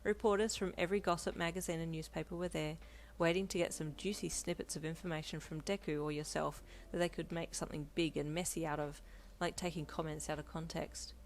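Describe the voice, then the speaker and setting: A woman narrating a second-person fanfiction romance, steady and gentle. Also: deep voice, fairly quick, slight background noise.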